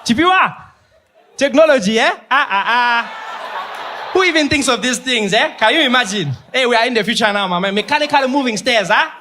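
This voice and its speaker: A man marveling at new technology, acted out by a comedian, exclaims in a South African accent. His voice sits high and pushes loud, full of rhetorical questions and delighted gasps. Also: lively intonation, fairly quick, slight background noise, heavily acted. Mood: amazed.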